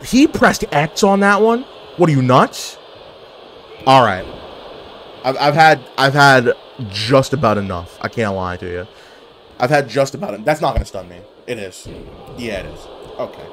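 A man at a mid pitch talks over his own online wrestling match, hyping himself up and trash-talking his opponent. He jokes and swears freely and throws in wrestling slang. A faint hum of noise sits behind his voice. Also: lively intonation, normal speed, long pauses, a bit bright. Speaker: gaming video creator.

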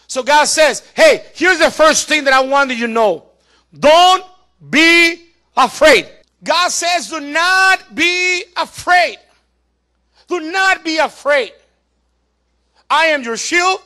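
High, bright-voiced man preaching. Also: creaky. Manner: urging the congregation, rising to shouts. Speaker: pastor. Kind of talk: sermon.

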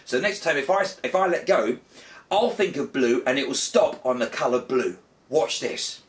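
A man performing comic magic patter for children, playing mock-frustrated and breaking into big excited cheers. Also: mid-range voice, moderate pace, far from the mic.

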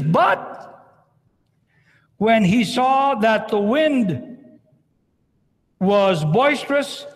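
Priest giving a sermon, kinda high voice, big echoey cathedral. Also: male voice. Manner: dramatic, retells scripture with acted quotes. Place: large cathedral. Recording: long cathedral reverb.

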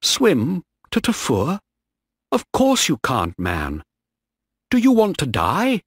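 A man's voice: mid-range voice, huge pitch swings, slow pace, fairly bright tone, no room sound, clean studio sound, heavily acted. A man voicing a worried male sailor who pleads with his friend in a storybook reading. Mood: alarmed.

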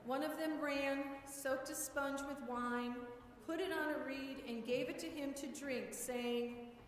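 Lady lector reading scripture, high voice, distant mic in a big echoey church. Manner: measured, steady proclaiming. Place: large church.

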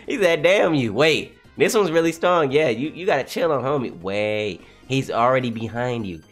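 Excitable, lively-voiced man reacting. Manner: excitable, profane, laughs a lot, jumps between high and low voices. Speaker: comic reaction streamer. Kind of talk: live reading and reaction.

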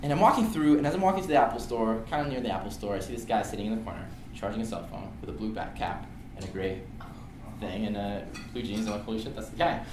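A young man telling a lively story to an audience in a lecture room, sometimes shouting out the lines he acts out. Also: on the low side, fast, background noise. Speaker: student speaker. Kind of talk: storytelling talk. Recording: echoey room, distant mic.

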